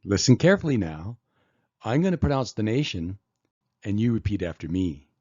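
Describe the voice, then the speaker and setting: A man teaching English pronunciation, saying words one at a time with long pauses for the listener to repeat. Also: on the low side, very animated, a little mellow, dry recording, muffled recording. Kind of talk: slow, deliberate pronunciation drill.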